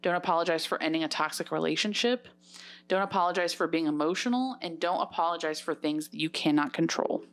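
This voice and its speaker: Young woman podcast co-host, low voice, plain-spoken, casual chat. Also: fairly quick. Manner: frank, plain-spoken, gives direct advice.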